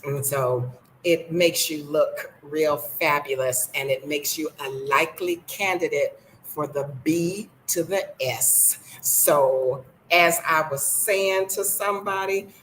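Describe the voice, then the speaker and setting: A woman's voice: fairly low pitch, a little slow, fairly bright tone, slight background noise, rough recording. Sassy, blunt older American woman. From United States. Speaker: vlogger. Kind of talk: casual vlog. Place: home.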